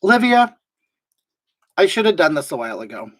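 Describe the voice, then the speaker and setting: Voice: mid-range voice, very animated, brisk, slight background noise, natural voice. A performer playing a brash, gossipy woman livestreamer who rambles and gets indignant while reading chat aloud, in a live comedy stream. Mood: rambling. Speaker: livestream host.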